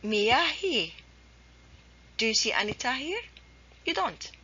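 A woman teaching a language lesson, patiently repeating each example slowly and carefully. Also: high voice, big pitch swings, bright, forceful tone, slight background noise. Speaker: Arabic teacher. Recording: dull lo-fi recording.

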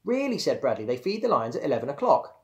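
A man's voice: mid-range voice, sing-song, fast talker, close to an everyday voice. A man voicing a stubborn, defiant schoolboy who keeps insisting, in a raised, pushy voice. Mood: insistent.

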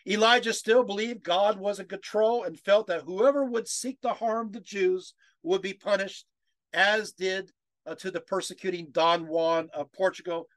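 Male lecturer on a video call, high-pitched, emotional, prone to restarts and rhetorical questions. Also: fairly bright tone, no room sound. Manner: emotional, chokes up while reading quotes; many fillers and restarts, asks the audience rhetorical questions.

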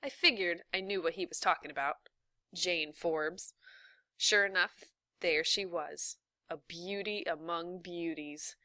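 A woman reading a novel aloud in a steady, even narration. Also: fairly low pitch, measured pace, dry recording, clean studio sound. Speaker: reader.

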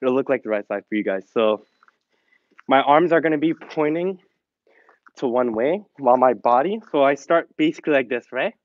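A man coaching an online exercise class, a little out of breath as he cheers students on and counts reps, switching between English and Korean. His voice sits at a middle pitch. The recording is dry and dull, like a lo-fi video call. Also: expressive, moderate pace, no room sound. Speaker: fitness instructor.

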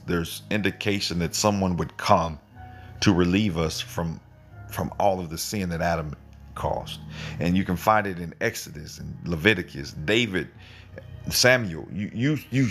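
A middle-aged man hosting his own channel, giving an informal live Bible teaching in a rambling, repetitive way with emphatic jumps in pitch. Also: fairly bright tone. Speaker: online channel host.

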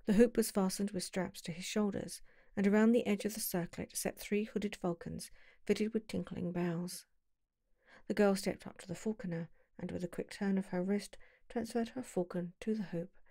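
A woman narrating an audiobook in a calm, measured storytelling voice on a close mic. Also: mid-range voice, gravelly, no echo.

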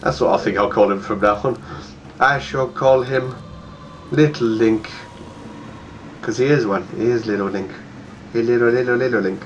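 A man giving casual, playful let's-play commentary, chatty and quick to laugh. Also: medium pitch, lo-fi sound, a little hiss or hum. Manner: chatty, playful, laughs often and puts on silly voices.

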